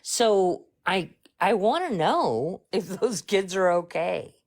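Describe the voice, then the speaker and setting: A woman speculating in a slow, suspicious way during a casual live stream chat. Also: medium pitch, expressive.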